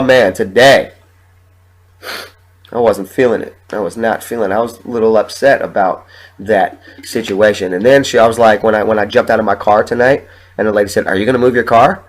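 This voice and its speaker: A man's voice: fairly low pitch, fairly even intonation, normal speed, long pauses, rough recording. A sick man hosting a podcast, ranting in heated, profanity-laden stories and coughing from a sore chest. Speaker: podcast host. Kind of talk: casual ranting monologue.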